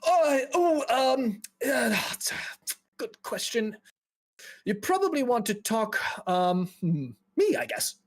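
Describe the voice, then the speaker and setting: A man's voice: extremely high pitch, sing-song, takes it slowly, voice pushed up, heavily acted. A man voicing a jittery, anxious male half-elf mage clerk who stammers and giggles nervously. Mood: flustered.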